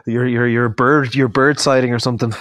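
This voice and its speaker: An Irish man chats casually as a guest, meandering through his stories and stopping to restart his sentences. His voice sits at a middle pitch for a man. It is recorded close to the mic, dry, with no room sound. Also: level tone, a little fast, fairly bright tone, clear, resonant tone, dry recording. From Ireland. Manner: rambling, self-correcting storyteller. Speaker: guest chef. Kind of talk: casual conversation.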